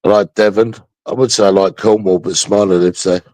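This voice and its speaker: A man's voice: lowish voice, steady tone, fairly quick, a little mellow, dry recording. A man, blunt and argumentative, swearing in casual group chat.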